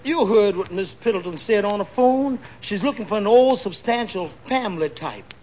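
An actor playing a blunt, easygoing piano player in a 1940s radio comedy. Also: male voice, sits high, lively intonation, moderate pace, a little mellow, a little hiss or hum. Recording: muffled old radio broadcast with music behind.

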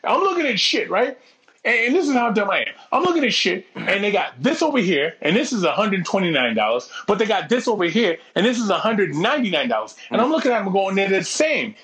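A man tells stories on a podcast in a loose, profane, animated way. His voice sits a little high, and his pitch swings widely as he talks. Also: fast. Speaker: podcast co-host. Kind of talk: casual storytelling chat.

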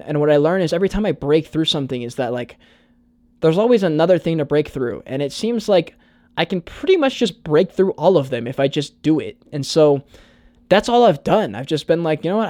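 An earnest young man talks to his viewers in a loose vlog monologue. He leans on "like" and casual swearing. His voice sits a little high and sounds close and dry. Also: darkish tone, dry recording. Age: young adult. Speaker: YouTuber.

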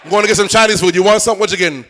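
A man's voice: high-pitched, racing, fairly bright tone. A middle-aged man preaching a live sermon in church, joking with and coaxing the congregation.

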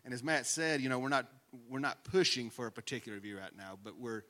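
A man with a bright, forward voice talks scripture in an earnest, conversational way. His mid-range pitch sits easily in casual discussion. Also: expressive, fast talker. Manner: earnest, conversational, chuckles now and then. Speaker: co-host of a Bible study podcast. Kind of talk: casual Bible teaching talk.

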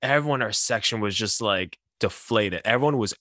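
Laughing, animated man in casual chat. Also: lowish voice, a little fast, no echo, studio quality. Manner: animated storyteller, laughs often.

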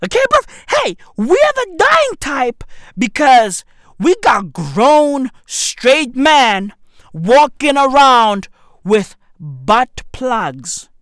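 A man in his thirties rants to camera in a brash, profane comedic style. His pitch swings all over the place and he breaks into sudden shouts. He speaks at an unhurried pace, and the sound is close and dry. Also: big pitch swings, no room sound. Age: 30s. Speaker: vlogger.

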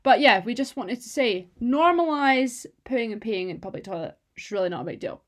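A young woman from the UK co-hosting a casual chat, talking fast with lots of "like" fillers and the odd swear. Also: a little high, animated. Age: young adult. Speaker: podcast co-host.

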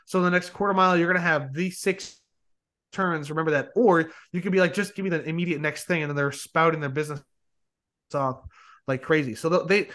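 Man, podcast host, casual chat, rambling, swears a lot, fairly high voice. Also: moderate pace. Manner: rambling, profane, excited.

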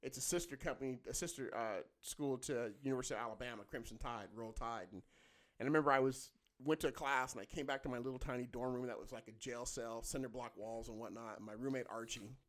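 A man's voice: medium pitch, fast talker, fairly bright tone. A man in his fifties telling stories in casual chat, acting out quotes in a raised voice and swearing freely. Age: 50s.

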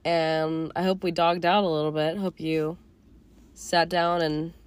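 A teenage girl hosting her own podcast, talking in a candid, rambling way with casual swearing and a voice going a little hoarse. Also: deep voice, flat delivery, unhurried. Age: teens. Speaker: podcast host. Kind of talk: casual reflective monologue.

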